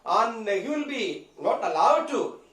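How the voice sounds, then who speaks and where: A man with a high voice teaches a class in a slow, halting way, full of pauses and filler words. He is recorded from a distance in an echoey room, with faint room sound behind him. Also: very animated, fairly bright tone. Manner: halting, many fillers and okays. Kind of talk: classroom lecture. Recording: echoey room, mic far off.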